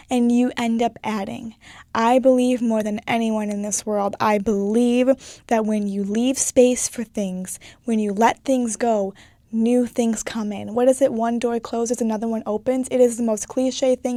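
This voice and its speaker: A woman's voice: on the high side, warm tone, no echo, studio quality. A young woman hosting a solo podcast, giving an emphatic motivational pep talk and swearing freely. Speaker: podcast host.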